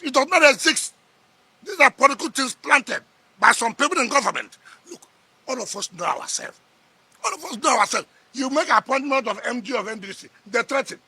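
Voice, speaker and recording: A man's voice: very high voice, sharp tone, breathy edge, dry recording. A middle-aged man with a Nigerian accent, a politician sparring in a heated press interview, combative and scoffing, repeating his words.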